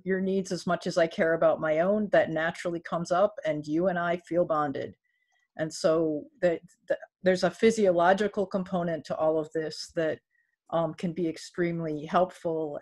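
A woman's voice: fairly low pitch, a little mellow. A woman explaining ideas in an online workshop, thoughtful, with frequent hesitant restarts. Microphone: video call.

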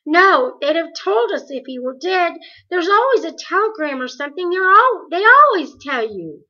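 A woman's voice: extremely high pitch, big pitch swings, moderate pace, pushed and bright, pitched above the performer's own voice, full character voice. A woman voicing an unhappy teenage girl who speaks shakily, near tears, in a dull lo-fi recording. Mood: upset. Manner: shaky, close to tears. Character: miserable teenage girl, tearful and self-doubting.

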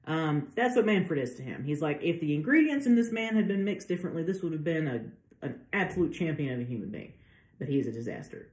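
A woman's voice: low voice, very animated, brisk, a little mellow, reverberant. A woman giving a casual literature lecture, chatty with many fillers, acting out quotes as she goes. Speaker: literature professor.

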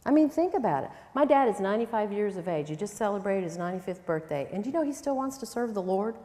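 Fast, sing-song and warm, a mid-range female voice fills a large church hall with long reverb. The middle-aged woman is teaching an earnest, emphatic sermon at a women's conference, full of rhetorical questions.

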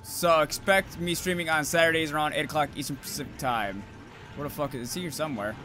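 A young man streaming a game, just woken up, swearing and yelling at the monster with sudden whoops. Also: fairly high pitch, fast talker, faint music behind. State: just woke up, groggy. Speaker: gaming streamer. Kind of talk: live gameplay commentary.

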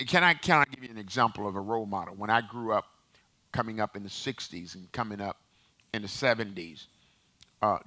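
A man's voice: on the low side, sharp tone. A man in his sixties, a pastor preaching a sermon, calling on the congregation to repeat phrases after him and repeating words as he builds a point.

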